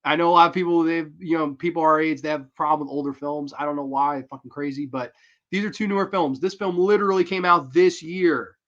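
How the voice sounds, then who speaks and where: A young man's voice, a little high, brisk and fairly bright, carries a horror movie review livestream. He rambles casually while answering viewers, using slang and reading out the chat, over dull lo-fi audio.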